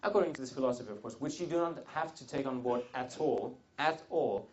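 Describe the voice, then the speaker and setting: A man leads a live seminar for a room of attendees, middle-pitched and rambling, often restarting his sentences and slipping in jokey asides. The recording is dull and lo-fi, without much crispness. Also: fairly quick. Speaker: seminar speaker. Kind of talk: live wealth seminar talk.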